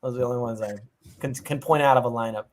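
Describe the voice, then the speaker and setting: A man's voice: mid-range voice, fairly even intonation, fast talker, noisy background. A man hosting a fantasy football watch party, talking casually, profanely and jokingly with a friend.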